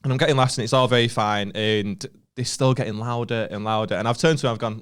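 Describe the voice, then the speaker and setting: A man's voice: medium pitch, fast, few pauses, clean tone. A young northern English man, a comedian co-hosting a podcast, tells a story in casual chat, laughing often and acting out what people said. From northern England. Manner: animated, laughs often, acts out quotes.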